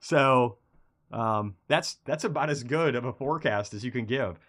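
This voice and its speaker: A man's voice: mid-range voice, moderate pace. A man hosting a casual market commentary stream, talking through charts in a rambling, conversational way while feeling a bit unwell. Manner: conversational, rambling, animated bursts of excitement. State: feeling unwell, low energy.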